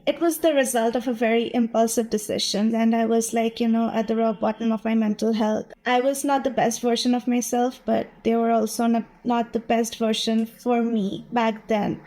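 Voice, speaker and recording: Higher, flat-voiced hesitant woman. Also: moderate pace, hardly any pauses, rough recording. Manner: hesitant, with many fillers. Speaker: panelist. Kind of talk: personal sharing in a panel chat.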